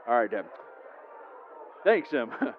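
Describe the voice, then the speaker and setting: A man's voice: mid-range voice, sing-song, unhurried. A man playing a nervous, over-eager small-town fan who stammers and giggles. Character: nervous, starstruck small-town male superfan. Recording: lo-fi phone-like audio with faint hiss.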